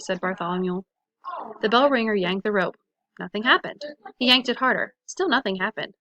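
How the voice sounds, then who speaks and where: A woman reads a children's picture book aloud, bright and lively, changing her voice for each character. Her voice sits in the middle range and the sound is dry and close, with no room echo. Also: mid-range voice, a little fast, highs cut off. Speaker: teacher reading aloud. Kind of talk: storybook read-aloud.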